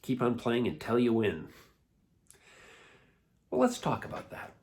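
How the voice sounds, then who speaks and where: A man leading children's church, telling a Bible story in a playful, animated way. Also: mid-range voice, measured pace. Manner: animated, playful, laughs often.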